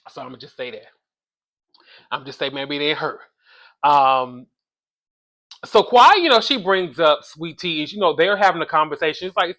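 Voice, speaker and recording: A man casually reviewing a reality show episode, sassy and animated, calling his listeners baby and y'all, with features. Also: on the high side, normal speed, pauses often. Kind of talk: casual chat.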